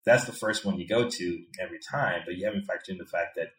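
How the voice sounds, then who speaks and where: An interview guest from Chicago, now an expat in Thailand, talks in a very low voice, slow and reflective. He frequently repeats words on the way to making his point, and the indoor Bangkok room carries a clear echo.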